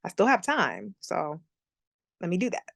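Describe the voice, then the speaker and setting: A young woman talks through her story in a relaxed, easy way, with lots of fillers and frequent laughs. Her voice sits a little low, and the recording is dry and close. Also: moderate pace, vocal fry, no echo. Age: young adult. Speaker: guest. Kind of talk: casual interview chat.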